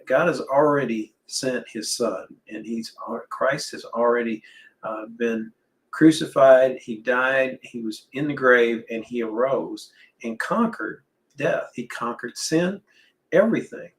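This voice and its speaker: A man's voice: mid-range voice, unhurried, poor audio. A man in his sixties in a casual faith talk, speaking earnestly with hesitant restarts. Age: 60s.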